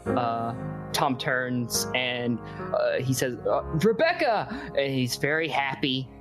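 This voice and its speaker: A man's voice: medium pitch, steady tone, takes it slowly, music in the background, rough recording. A man running a tabletop game as game master, narrating loosely with many fillers.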